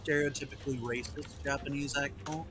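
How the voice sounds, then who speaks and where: A man's voice: mid-range voice, steady tone, a little fast, a bit bright, soft background music. A man co-hosting a game stream, playful, greeting chat and joking with his partner. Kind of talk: casual live-stream chat.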